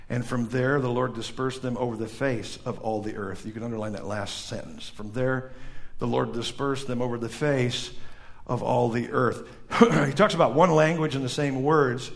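A man from northern Illinois farm country with a Midwestern accent, preaching a conversational sermon and joking with the congregation. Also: mid-range voice. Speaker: pastor. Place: church.

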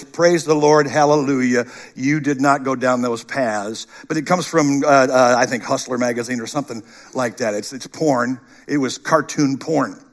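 A middle-aged man preaching a sermon, animated, dropping to a hush and rising to loud bursts. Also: mid-range voice. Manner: animated, shifts between hushed and shouted. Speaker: pastor.

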